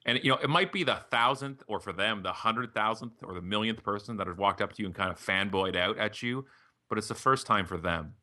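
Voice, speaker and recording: A middle-aged man talks in a lively, storytelling way, slipping into put-on voices for the people he quotes. His voice sits low but sounds bright and forceful. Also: brisk. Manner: animated, acts out quoted voices when telling stories. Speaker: podcast guest, author. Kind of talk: casual storytelling conversation.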